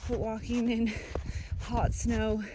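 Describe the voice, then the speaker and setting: A woman's voice: on the high side, flat delivery, slow pace. Frustrated woman venting on a mountain trail. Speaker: long-distance hiker vlogging. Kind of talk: candid vlog to camera. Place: outdoors on a mountain trail and campsite. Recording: outdoor noise behind the voice.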